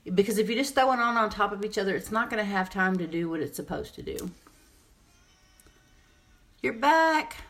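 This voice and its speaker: A woman's voice: medium pitch, fast talker, hardly any pauses, fairly bright tone. A woman giving a casual live makeup tutorial, chatty and rambling as she answers viewer comments. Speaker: makeup seller and presenter.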